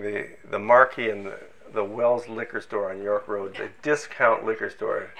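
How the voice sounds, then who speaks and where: A man's voice: on the low side, steady tone, moderate pace, gravelly, a bit bright, poor audio. An older man from Minnesota recounting his scientific career in a storytelling way, with self-deprecating humor and frequent false starts. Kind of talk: oral history storytelling.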